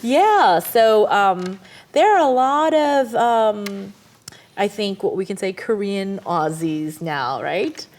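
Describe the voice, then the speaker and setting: A woman's voice: mid-range voice, animated, slow pace, darkish tone. Bubbly woman hosting a studio show. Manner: bubbly, laughs often, drops in Korean explanations. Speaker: TV show host. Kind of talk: English-teaching TV interview.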